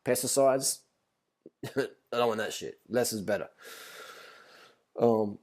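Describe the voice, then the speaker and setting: A man's voice: mid-range voice, slow, darkish tone. A man telling a story in a blunt, rambling, profane vlog rant. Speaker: vlogger.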